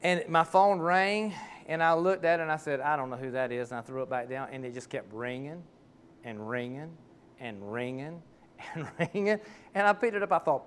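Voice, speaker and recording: Folksy pastor, slightly high voice. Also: male voice, normal speed, a bit bright, clear, resonant tone. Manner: folksy, heartfelt storytelling. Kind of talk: sermon.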